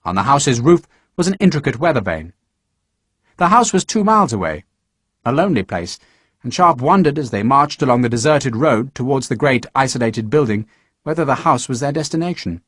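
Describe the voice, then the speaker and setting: A man narrating an audiobook with a steady, measured reading. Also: medium pitch, no echo, studio quality.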